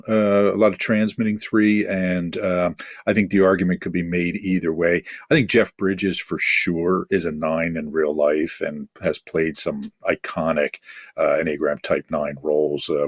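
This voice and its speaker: A man with a very low, husky voice hosts a podcast conversation. He talks casually and haltingly, full of fillers and restarts. The sound is dry and close. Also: no room sound. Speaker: podcast host. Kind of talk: casual discussion.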